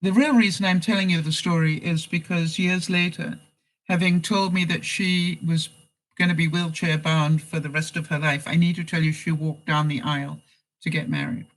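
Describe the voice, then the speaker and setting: Poor audio carries a man's slightly high, level voice, a bit bright and at a moderate pace. As a vlogger answering live chat on a casual stream, he tells a story folksily, names the commenters he's addressing, and often says "you know."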